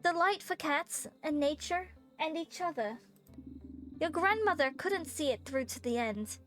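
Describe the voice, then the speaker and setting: A woman voicing an ancient, solemn guardian spirit of a cat shrine in a put-on semi-Australian, semi-British accent, with a slow storytelling delivery. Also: high voice, lively intonation, fairly bright tone, faint music behind.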